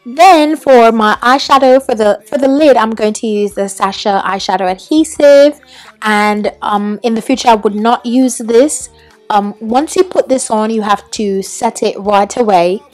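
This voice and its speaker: A woman's voice: fairly high pitch, a little slow, a little mellow, soft background music. A young woman narrating a makeup tutorial voiceover in a put-on British accent, chatty with some ums and self-corrections.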